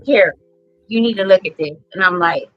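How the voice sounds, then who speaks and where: A woman's voice: on the low side, normal speed, dry recording, faint music behind. A middle-aged woman hosting a podcast, telling family stories bluntly with plenty of swearing. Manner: blunt, profane storytelling. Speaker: podcast host. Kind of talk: casual chat. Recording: dull lo-fi sound.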